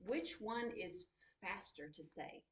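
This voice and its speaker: A woman's voice: medium pitch, slight background noise. Woman teaching a class, echoey room. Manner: lively, brisk, reads lines aloud and beats rhythm with syllables. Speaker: high school writing teacher. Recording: echoey classroom from a distant mic.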